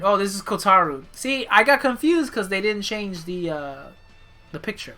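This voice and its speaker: A woman's voice: mid-range voice, expressive, moderate pace, bright, forceful tone, soft background music. A woman from Brooklyn streaming a wrestling game, chatting casually and joking about her own bad accents as she reads the game text aloud. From Brooklyn, New York. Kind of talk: casual stream commentary while reading game dialogue.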